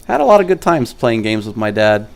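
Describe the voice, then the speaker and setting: A gaming streamer telling casual, animated stories to his chat, with many "like" fillers. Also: fairly low pitch, fairly quick, gravelly. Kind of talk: casual storytelling while streaming.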